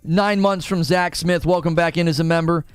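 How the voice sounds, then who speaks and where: A man's voice: on the high side, steady tone, moderate pace, smooth, no echo, soft background music. A man hosting a casual gaming live stream, arguing both sides of a point and reading chat messages aloud. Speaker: livestream host.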